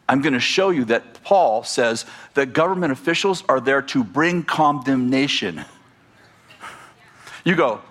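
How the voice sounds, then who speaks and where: A man preaching a sermon, animated and joking as he tells stories to his congregation. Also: medium pitch, normal speed. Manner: animated, storytelling with humor and asides. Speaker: pastor.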